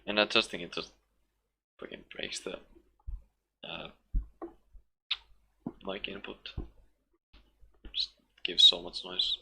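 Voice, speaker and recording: A man's voice: sits low, steady tone, takes it slowly, creaky, long pauses, bright, forceful tone, slight background noise. A man streaming a game playthrough, chatting casually in a tired, rambling way.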